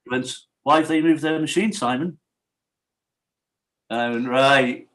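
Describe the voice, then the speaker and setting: Man, podcast guest, animated storytelling, acts out each quote, mid-pitched voice. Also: unhurried, low-quality recording. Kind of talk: storytelling in casual interview.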